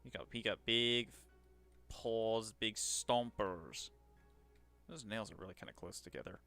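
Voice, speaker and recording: A man's voice: lowish voice, unhurried, gravelly, sharp tone, faint music behind. A man casually chatting to viewers while working on a 3D model commission, joking at his own expense. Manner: chatty, self-deprecating, talks to himself while working. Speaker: streamer doing 3D modeling commissions. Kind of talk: casual livestream commentary.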